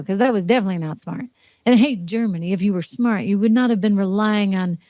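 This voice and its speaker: A woman's voice: mid-range voice, dark tone. A woman hosts a news commentary stream, reading headlines and breaking off into sarcastic, scolding asides. Her voice sits in an ordinary middle range for a woman. The sound is dry and close, with no room echo. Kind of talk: opinionated news commentary livestream.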